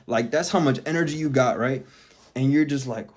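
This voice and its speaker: A man's voice: medium pitch, normal speed. Blunt, profane ranting man. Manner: blunt, heavily profane and emphatic. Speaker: vlogger. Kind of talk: profane motivational rant.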